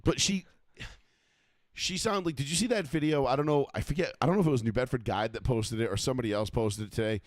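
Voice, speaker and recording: A man's voice: medium pitch, fast talker, dry recording. Profane Boston-accented man, dry close sound. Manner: swears freely, animated, mocking. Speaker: podcast co-host. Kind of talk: casual profane chat.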